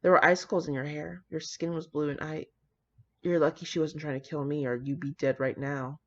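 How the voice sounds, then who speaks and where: A woman reading the lines of a tense, worried young prince in a flat, clipped way, on dull lo-fi audio. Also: low voice, brisk, voice pushed down. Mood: flat, strained.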